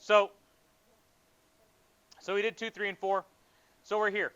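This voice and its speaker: A male math teacher with a bright, fairly high voice leads a lively classroom lesson. He asks students questions and jokes with them between steps. The recording is dull and lo-fi. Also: a little fast, clean tone. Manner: playful, joking with students.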